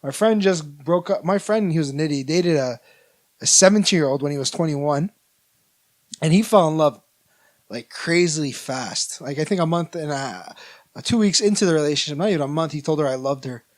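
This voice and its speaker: A young man co-hosting a laid-back podcast. His voice sits a little high for a man, and he tells stories in a loose, rambling way, full of "like" and false starts. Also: fairly quick. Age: 20s. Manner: rambling storyteller, lots of "like" and restarts. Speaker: podcast co-host. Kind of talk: casual chat.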